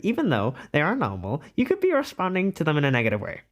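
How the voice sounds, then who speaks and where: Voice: medium pitch, huge pitch swings, fast talker. A streamer puts on a voice to play a polite, formal guide who reads out quiz results to a passenger in a sing-song way. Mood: chipper formal. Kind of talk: comedic voice reading a quiz result.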